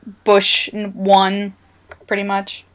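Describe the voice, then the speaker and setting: A woman's voice: mid-range voice, monotone, slow, crowd noise, rough recording. A woman with a mid-range voice co-hosts a casual podcast. Her remarks run wry and sarcastic. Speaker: podcast co-host.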